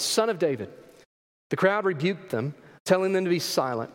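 A man's voice: a little high, big pitch swings, normal speed. Preaching man in a reverberant hall. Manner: preaching with rhetorical questions and emphatic repetition. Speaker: pastor. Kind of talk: sermon. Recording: long reverb of a large hall.

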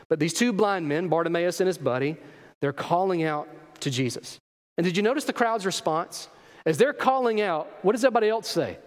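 A male pastor preaching a sermon, asking rhetorical questions and repeating key phrases for emphasis. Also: fairly high pitch. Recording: long reverb of a large hall.

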